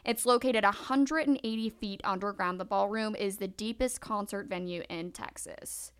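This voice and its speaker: A woman co-hosting a casual podcast, animated, laughing often and reading news stories aloud. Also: medium pitch, moderate pace, clear, resonant tone. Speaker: podcast co-host. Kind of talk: casual chat.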